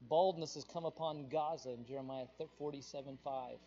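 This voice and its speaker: A male pastor preaching a sermon with passion, his voice surging louder on the emphatic points. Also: mid-range voice, steady tone, fairly quick, breathy edge, dull audio.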